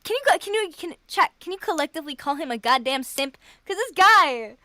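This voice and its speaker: A woman's voice: sits high, expressive, fast, pushed and bright, no room sound. A woman streamer in casual banter, foul-mouthed and mocking.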